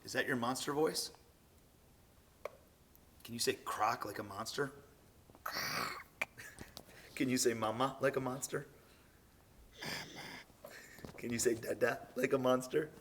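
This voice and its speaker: This podcast host, a man in his thirties, chats easily with his daughter in a relaxed interview, using plenty of loose fillers. His mid-range voice has a fairly bright tone, moving at a moderate pace with frequent pauses. There's slight background noise.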